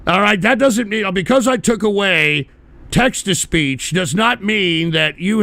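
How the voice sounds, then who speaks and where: A man's voice: high-pitched, unhurried, creaky, dry recording. A man hosting a live political talk stream, ranting bluntly with heavy swearing and reading out viewer donations. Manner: blunt, profane, animated ranting. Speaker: political talk show host.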